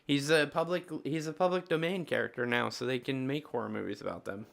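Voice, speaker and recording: A man's voice: medium pitch, steady tone, a little fast, creaky, fairly bright tone. A man chatting casually on a live stream, loose and swearing, laughing at his own silly voices.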